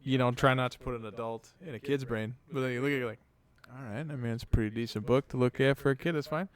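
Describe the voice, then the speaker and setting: Guy in his 30s rambling thru a story, swears a lot, acts out the dialogue, mid pitch. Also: quick pace, crowd noise. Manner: rambling anecdotes with acted-out dialogue, swears freely. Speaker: podcast co-host. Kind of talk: casual storytelling chat.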